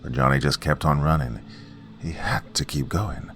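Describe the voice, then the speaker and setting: A man with an extremely deep, low voice tells a horror tale around a campfire. He is folksy and dramatic, sinking to hushed whispers for suspense, with faint music under him. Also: normal speed. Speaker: horror story narrator.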